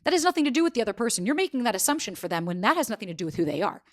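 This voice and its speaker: A woman in her thirties, a dating coach answering podcast questions, animated and acting out quoted dialogue. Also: a little high, very fast.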